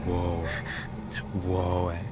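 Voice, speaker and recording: A man's voice: deep voice, monotone, very slow, heavy background noise. A man whose first language is Spanish, commenting casually on his gameplay, chatty and wry, often tagging sentences with a questioning "eh". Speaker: streamer.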